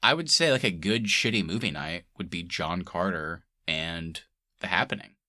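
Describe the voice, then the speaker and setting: A man's voice: deep voice, moderate pace, bright, forceful tone, dry recording, clean studio sound. A man co-hosting a casual movie-review podcast, laughing often and swearing freely as he chats. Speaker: podcast co-host.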